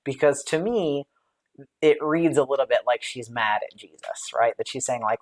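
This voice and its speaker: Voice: mid-range voice, animated, moderate pace. Live bible study leader, super chatty, lots of um and like, reads out chat comments and riffs on them. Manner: chatty, thinks aloud with many fillers and light laughs. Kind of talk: casual live-stream Bible study discussion.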